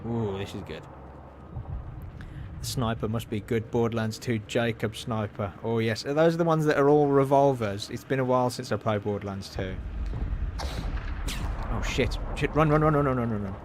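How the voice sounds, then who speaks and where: A man streams a horror game live, his voice sitting at an ordinary middle pitch. He reacts in quick bursts and swears freely, chatting to viewers with faint noise behind him. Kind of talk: live gameplay commentary.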